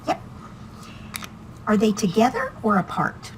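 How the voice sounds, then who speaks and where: A woman's voice: medium pitch, wildly swooping pitch, measured pace, slight background noise, poor audio. A woman teaching reading one-on-one to a student, patient and encouraging, asking many questions.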